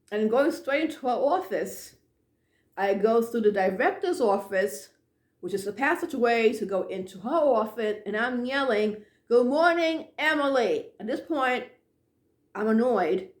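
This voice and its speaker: A woman telling a personal ghost story in an animated way, dropping to hushed tones at the tense moments. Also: a little high, reverberant.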